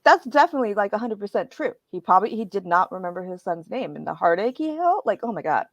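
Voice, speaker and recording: A woman's voice: medium pitch, sing-song, fast, no echo, lo-fi sound. A woman co-hosting a show in casual chat, telling stories expressively and laughing often. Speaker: co-host.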